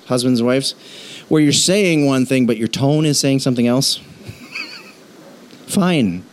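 A man preaching a sermon in a lively, conversational way, joking and asking the congregation questions. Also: fairly high pitch. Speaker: pastor.

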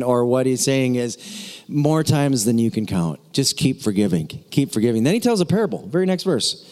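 A man's voice: mid-range voice, big pitch swings, normal speed, darkish tone. A man preaching a sermon to his church in a casual, joking way, with playful asides to the congregation. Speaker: pastor. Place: church sanctuary. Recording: long hall reverb.

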